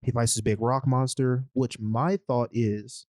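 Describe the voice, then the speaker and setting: A man's voice: medium pitch, fairly even intonation, a little slow, a little mellow, no room sound. A man co-hosting a podcast, casually retelling a movie plot in a rambling, slangy way. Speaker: podcast co-host. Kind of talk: casual movie recap chat.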